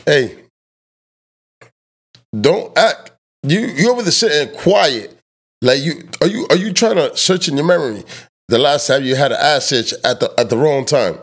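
Loud joking man hosting a podcast. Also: a little high, lively intonation, moderate pace, long pauses. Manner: loud, joking, swears freely, teases his guest. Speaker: podcast host; truck driver. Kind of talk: casual profane podcast chat.

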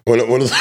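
Podcast host, man, loud and profane, swoops all over his pitch, casual banter. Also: very noisy. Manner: loud, joking, swears freely, teases his guest. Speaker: truck driver.

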